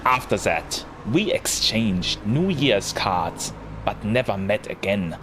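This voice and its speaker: In a lowish, close-to-everyday voice, a man takes his time reading visual novel narration as a weary, overworked character in his late twenties. He adopts a heavy fake foreign accent, sounding reflective and worn out over background noise.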